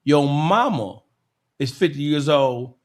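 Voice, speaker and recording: A podcast host on a heated, profane rant, mocking his target with relish. His voice is high and swings widely in pitch, rising and dropping as he works himself up. The tone is excitable throughout. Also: slow.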